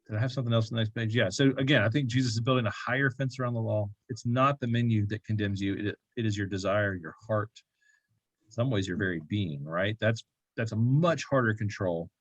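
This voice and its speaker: Husky man leading a relaxed Bible study. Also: fairly low pitch, dry recording, highs cut off. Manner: reads scripture aloud slowly, then talks loosely with many asides. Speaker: Bible class leader. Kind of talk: casual Bible study teaching.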